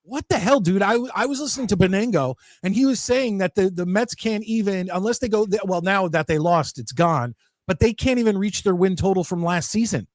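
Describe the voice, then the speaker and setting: A man hosting a live sports talk show, chatty and excited, reading viewer comments aloud. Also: sits high, fairly quick, dry recording. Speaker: host.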